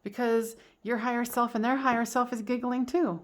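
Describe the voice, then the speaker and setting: A woman's voice: on the high side, fairly even intonation, moderate pace, hardly any pauses. A woman doing a casual tarot card reading for her channel, talking in a chatty, giggly way with lots of fillers and restarts. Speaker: tarot reader.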